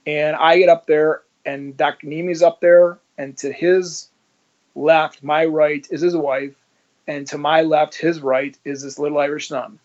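A man's voice: a little high, little pitch movement, measured pace, darkish tone. A man telling his story as a guest in casual, blunt talk, swearing freely and acting out the dialogue he quotes. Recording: dull lo-fi audio.

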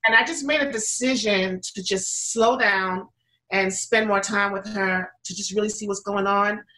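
A woman's voice: medium pitch, fairly even intonation, moderate pace, bright, forceful tone, poor audio. A woman guest in an interview, telling her story in a casual, chatty way with many fillers and restarts, acting out what others said. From United States. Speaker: interview guest, pizza business owner.

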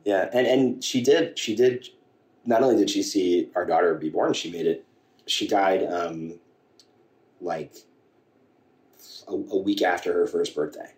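A man guest telling a personal story in a halting way, with many restarts and quoted dialogue. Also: sits low, darkish tone. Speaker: podcast guest. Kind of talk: candid storytelling conversation. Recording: echoey room, voice from a distance.

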